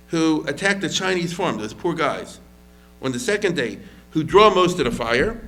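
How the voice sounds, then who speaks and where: A man giving an informal history lecture as a rabbi, talking casually with many restarts and acting out quotes. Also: on the high side. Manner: conversational, lively quoted voices, frequent fillers and restarts.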